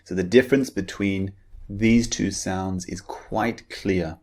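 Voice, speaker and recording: A man leads a pronunciation lesson in a deep, low voice. He speaks very slowly, drawing out each model word with careful enunciation. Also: steady tone, darkish tone. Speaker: pronunciation teacher. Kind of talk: slow, deliberate pronunciation lesson.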